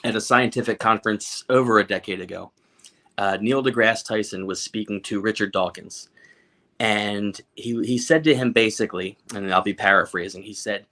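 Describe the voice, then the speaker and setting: A man's voice: lowish voice, brisk, fairly bright tone. A man as a podcast guest, talking candidly in casual conversation, joking and restarting his sentences often.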